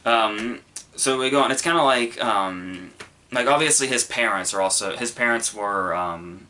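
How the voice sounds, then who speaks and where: A man's voice: mid-range voice, moderate pace, sharp tone, slight background noise. A man hosting a movie review podcast, talking casually and rambling, with many ums, restarts and curse words.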